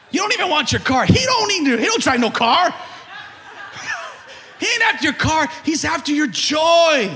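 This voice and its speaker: A man preaching a sermon as pastor, animated and building to shouts, in a large church hall. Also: extremely high pitch, normal speed, pauses often, slight background noise.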